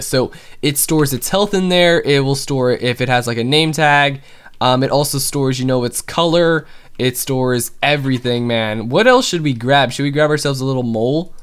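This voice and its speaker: A young gaming host talks through his play session in a loose, rambling way. His voice is smooth and clean, at an everyday pitch for a man, and he gets excited easily. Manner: excitable, chatty, with frequent fillers. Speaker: gaming YouTuber. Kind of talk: casual gameplay commentary.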